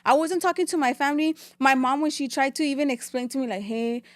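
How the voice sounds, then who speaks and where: A young woman rattles through her story as a podcast guest, flipping freely between English and Spanish. Her voice sits a little high, and she speaks very quickly. The sound is close and dry, with no room around it. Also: no echo. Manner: rapid, animated, switching between English and Spanish. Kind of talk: casual interview storytelling.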